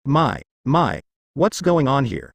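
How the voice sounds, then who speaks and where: A man's voice: mid-range voice, big pitch swings, takes it slowly, creaky, no echo, exaggerated voice. A man voicing a sadistic female fallen angel who taunts and teases. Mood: taunting. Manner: taunting, teasing delivery.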